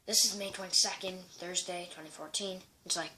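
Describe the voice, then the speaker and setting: A man's voice: high-pitched, fairly even intonation, fairly quick, pushed and bright, rough recording. A man casually showing and reading his own comic strips, rambling with many restarts. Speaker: amateur comic strip creator.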